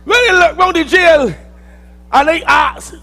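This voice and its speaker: A man with a Barbadian accent performing a dramatic spoken-word monologue, theatrical and swinging between loud outbursts and low mutters. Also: a little slow.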